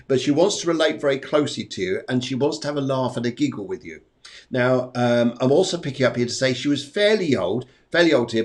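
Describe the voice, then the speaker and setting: A man hosting a live psychic medium show, chatting casually and rambling, often repeating his phrases. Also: mid-range voice. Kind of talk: live-streamed casual chat and readings. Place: indoors at home during a storm.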